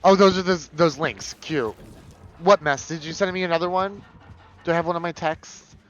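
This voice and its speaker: A man streaming live, chatting casually and campily with his viewers while he plays, his pitch jumping up for excited bursts. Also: moderate pace. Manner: chatty and campy, reading chat aloud, swinging pitch. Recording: dull lo-fi stream audio.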